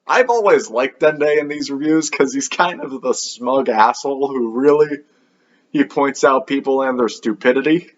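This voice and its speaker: A man's voice: mid-range voice, moderate pace, dull audio. A man hosting a comedic anime review show, sarcastic and swearing freely.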